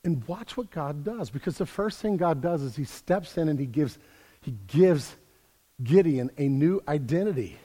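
A man preaching a sermon as a pastor in a church, energetic and repeating words as he builds emphasis. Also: on the high side, moderate pace, big-room sound.

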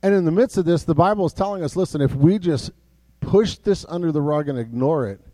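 A man with a high-pitched voice delivers a sermon from the pulpit, chatty and full of fillers and restarts. He sometimes drops to a soft, low voice for emphasis. The sound is dry and close. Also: fairly quick, no room sound. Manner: conversational preaching with many fillers and restarts. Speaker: pastor.

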